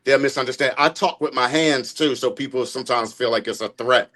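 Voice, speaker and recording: A man's voice: medium pitch, a little fast, bright, forceful tone. A man with a Philadelphia accent, talking openly and bluntly about his temper in a casual group podcast chat. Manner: blunt, open, reflective. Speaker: podcast guest.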